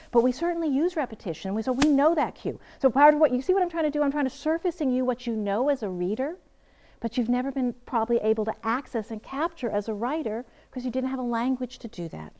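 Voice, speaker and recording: A woman teaching a writing workshop, lecturing with energy and quizzing her audience as she goes. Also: on the high side. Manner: lively, asks the audience questions and answers them. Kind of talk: seminar lecture. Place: seminar room.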